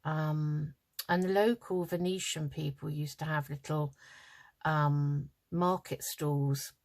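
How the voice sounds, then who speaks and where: A woman's voice: low-pitched, steady tone, takes it slowly, a little mellow. An older woman from the UK, chatting in a rambling way with many ums while she crafts at home, a little tired and yawning. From United Kingdom. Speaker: craft vlogger. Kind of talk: casual chat while crafting.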